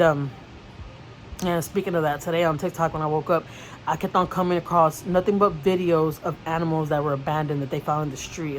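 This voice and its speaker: A woman's voice: lowish voice, a little hiss or hum, rough recording. Rambling woman vlogger. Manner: rambling, with many restarts and repeated words; emotional storytelling. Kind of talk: casual chat to camera.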